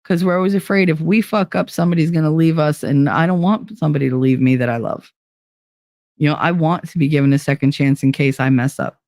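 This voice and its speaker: A woman's voice: sits low, fairly even intonation, brisk, darkish tone, no echo, studio quality. A woman hosting a podcast in casual talk, blunt and sarcastic, swearing freely and mimicking others in mocking voices. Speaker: podcast host. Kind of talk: casual monologue reading viewer comments.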